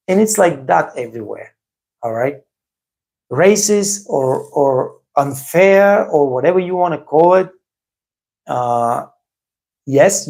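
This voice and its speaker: A man from Bulgaria talks bluntly with a Bulgarian accent on a live stream. His voice is gravelly and sits a bit high, and he circles back over his points with lots of fillers. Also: a little mellow. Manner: blunt, repeats himself, many fillers. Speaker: host of a live stream for waiters. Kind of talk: casual live-stream advice talk.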